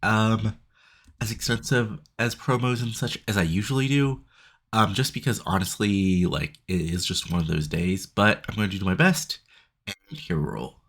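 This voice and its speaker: A man's voice: fairly low pitch, normal speed, a bit bright, slightly rough. A stuffed-up man casually talking through his wrestling booking game, rambling with lots of fillers and restarts. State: stuffed up, congested. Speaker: host playing a wrestling booking sim.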